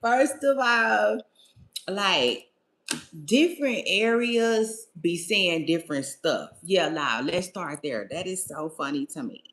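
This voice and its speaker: A woman's voice: on the low side, lively intonation, slow pace, fairly bright tone, reverberant. A woman chatting casually with viewers as a podcast host, laid-back and laughing, with slangy talk.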